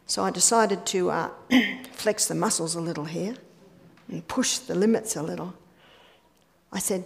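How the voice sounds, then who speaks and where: Medium-pitched and brisk, this woman's voice has vocal fry and a darkish tone. Addressing a church audience in a sermon-style health lecture, she weaves in stories and rhetorical questions, occasionally whispering to stress key points.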